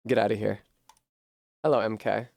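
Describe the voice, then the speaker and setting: A man streaming a game from home, working through a puzzle out loud at a desk microphone with frequent swearing and frustration. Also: lowish voice, steady tone, normal speed, gravelly. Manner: profane, puzzling aloud, frustrated. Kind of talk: live-streamed gameplay commentary.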